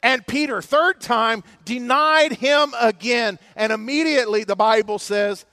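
High-pitched guy preaching a sermon, goes loud then quiet, dry close sound. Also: measured pace, no room sound. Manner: expressive preaching, swinging from loud to hushed. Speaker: pastor. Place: church.

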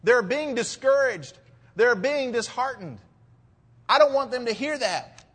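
High-voiced preaching man in a reverberant hall. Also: expressive, measured pace, a bit bright, husky. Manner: rises to emphatic preaching on key points. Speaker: pastor. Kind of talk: expository sermon.

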